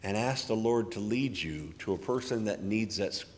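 A man's voice: fairly low pitch, moderate pace. A man giving church announcements and a sermon, chatty and folksy. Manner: folksy, chatty, tells anecdotes with acted quotes. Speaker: literature ministry speaker. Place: church hall. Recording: long hall reverb.

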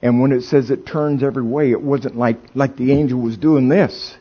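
A man preaching a sermon, swinging from hushed storytelling to loud, exclaiming emphasis, and asking the audience questions. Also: mid-range voice, fairly even intonation, moderate pace, husky, highs cut off.

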